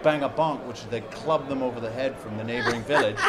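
A man's voice: mid-range voice, fast talker. Jokey man with crowd noise behind. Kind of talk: casual chat.

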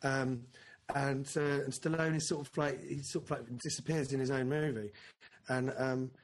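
A man's voice: medium pitch, fairly even intonation, normal speed. Rambling male podcast host. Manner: rambling, self-interrupting, swears. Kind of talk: casual film chat.

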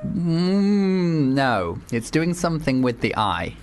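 Man, young, radio host, teasing, stumbling, animated voice, faint noise. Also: on the high side, takes it slowly. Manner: playful, teasing, stumbling restarts. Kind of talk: casual comedic chat.

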